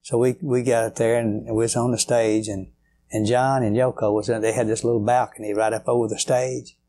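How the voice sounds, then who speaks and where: A man's voice: medium pitch, flat delivery, fairly quick, mellow. An older man, telling rambling, folksy stories as a guest in an interview. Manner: rambling, folksy, many fillers. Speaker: guitarist guest. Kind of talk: storytelling interview.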